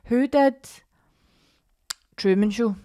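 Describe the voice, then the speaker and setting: A woman's voice: fairly high pitch, takes it slowly, mellow. A woman, chatting on a podcast, rambling and full of fillers. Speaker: podcast co-host. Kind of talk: casual chat.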